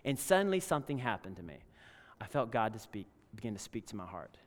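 A man preaching a sermon as pastor, telling a story and swinging between loud emphasis and hushed tones. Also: lowish voice, sing-song, fast talker. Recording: long reverb of a large hall.

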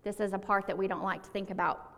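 A woman's voice: mid-range voice, fairly even intonation, a bit bright. Woman preaching in a reverberant hall. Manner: earnest, conversational, stresses words by slowing down. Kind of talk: sermon.

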